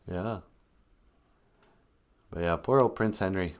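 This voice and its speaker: Lively, rambling man hosting a live stream. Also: on the low side, moderate pace, long pauses. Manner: rambling and joking, reads viewer comments aloud. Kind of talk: casual solo live stream chat.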